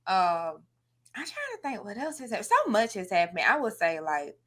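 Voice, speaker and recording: Lively bright-voiced woman telling a story. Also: medium pitch, moderate pace. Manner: animated storyteller, laughs and gets teary. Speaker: podcast co-host. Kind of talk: casual chat.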